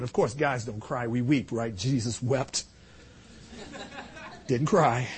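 A man preaching a sermon as pastor, telling a personal story in an earnest, confessional way and swinging from hushed to loud. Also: medium pitch, takes it slowly, long pauses, breathy edge.

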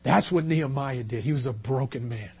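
A man preaching a sermon as pastor, telling a personal story in an earnest, confessional way and swinging from hushed to loud. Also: mid-range voice, a little fast, husky.

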